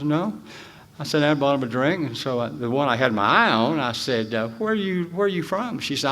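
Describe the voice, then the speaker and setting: A man from Dallas gives a candid personal testimony at a recovery convention. He tells it in a folksy storytelling way, with halting restarts. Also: on the high side, fairly bright tone. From Dallas, Texas. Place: convention hall.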